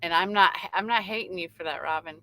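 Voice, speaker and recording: A woman's voice: lowish voice, fast talker, bright, forceful tone, rough recording. A woman from Michigan hosting a late-night trucking livestream, chatting casually, reading viewer comments aloud and laughing often. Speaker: livestream host. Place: in her truck.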